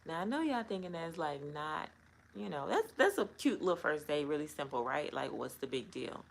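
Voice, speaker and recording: A woman's voice: deep voice, lively intonation, moderate pace, creaky, slight background noise, low-quality recording. A middle-aged woman telling a personal story to camera in a casual, rambling way, full of "um" and "like". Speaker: vlogger.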